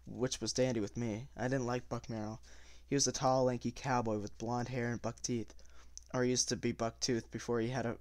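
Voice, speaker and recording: A man's voice: medium pitch, little pitch movement, fairly quick, hardly any pauses, a little mellow, no echo. A man reading a novel aloud in the first person, often stumbling and correcting himself as he goes. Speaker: reader.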